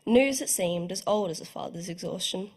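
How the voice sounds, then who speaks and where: At a moderate pace, a young adult woman with a lowish, somewhat mellow voice delivers a literary reading of her own short story at a book launch. She's a student writer, reading with care and evocative feeling, though she slips up now and then.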